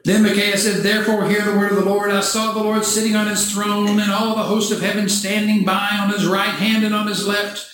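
A man preaching a sermon, reading scripture aloud and breaking into animated, mock-cheering asides. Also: sits high, fairly quick, hardly any pauses. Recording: echoey church hall, faint noise.

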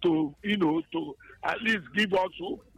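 A man's voice: sits high, measured pace, music in the background, poor audio. A man calling in to a radio sports show, talking hesitantly with many fillers. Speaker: caller. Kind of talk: phone-in call.

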